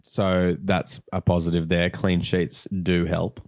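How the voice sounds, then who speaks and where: A man runs a fantasy football podcast in a jokey, easygoing way and moves the chat along. His voice sits a little low. It sounds dry and close, with no room around it. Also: flat delivery, slow, a little mellow, no room sound. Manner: jokey, leads the running order. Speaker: podcast host.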